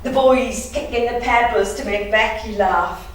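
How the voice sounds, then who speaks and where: A woman's voice: fairly high pitch, fairly even intonation, measured pace, lightly acted. A young Welsh woman from the valleys, performing a teasing, bawdy monologue and laughing often. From South Wales valleys. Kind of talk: dramatic monologue. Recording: echoey room, distant mic.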